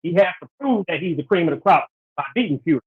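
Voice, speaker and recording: Blunt needling man, husky voice. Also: fairly high pitch, lively intonation, quick pace, phone-quality sound. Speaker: guest debater. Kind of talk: heated casual debate.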